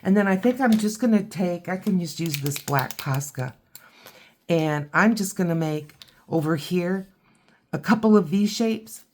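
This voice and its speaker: A woman with a low voice talks slowly through a beginner painting lesson. She chats and thinks aloud as she works, easygoing and unhurried. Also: expressive. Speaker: art teacher. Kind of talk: watercolor tutorial.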